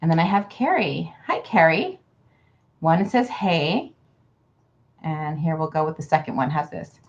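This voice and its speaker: A woman gives casual card readings to her livestream viewers, chatting freely and calling everyone hun. Her voice sits low for a woman. The recording sounds dull and lo-fi, like a simple computer mic. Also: lively intonation, measured pace. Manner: chatty, calls people hun. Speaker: card reader.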